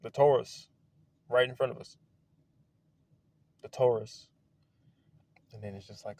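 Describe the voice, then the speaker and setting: A man in a casual, rambling monologue outdoors, excitable and wandering, swearing now and then. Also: mid-range voice, unhurried, pauses often, dry recording. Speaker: video creator. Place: outdoors among trees.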